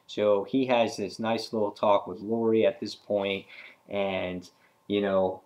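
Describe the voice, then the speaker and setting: A man's voice: fairly low pitch, unhurried, darkish tone. A man casually reviewing a comic book, rambling with frequent fillers and restarts.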